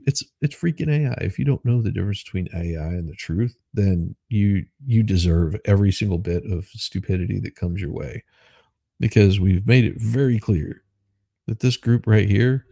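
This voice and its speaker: Male host, low gravelly husky voice, sarcastic commentary, dry sound. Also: dark tone, no room sound. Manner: sarcastic, rambling asides; self-deprecating. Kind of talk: casual news commentary reading articles aloud.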